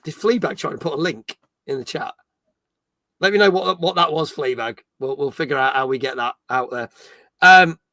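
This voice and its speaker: Reading out viewers' comments with a joking, talkative manner, a middle-aged man hosts a relaxed gaming stream in podcast-host fashion. His voice is a little high, pushed and bright. The studio recording is clean, with no room sound.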